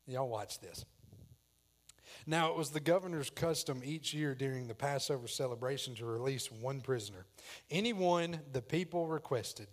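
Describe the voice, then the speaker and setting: A man's voice: medium pitch, normal speed. A man preaching a sermon, dramatic as he acts out the voices in the story. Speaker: pastor.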